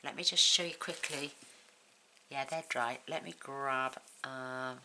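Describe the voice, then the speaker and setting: Woman from the UK, very low voice, friendly craft-channel host talking through a tutorial at home, noticeable background noise. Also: steady tone, measured pace, sharp tone, poor audio. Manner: chatty, counts items aloud, talks while working.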